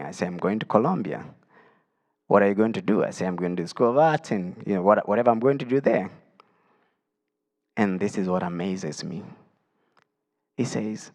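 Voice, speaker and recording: A man's voice: on the low side, fairly quick, long pauses, darkish tone, in a large hall. A man from Africa sharing a personal testimony in church, telling his story with emotion. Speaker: guest speaker sharing testimony.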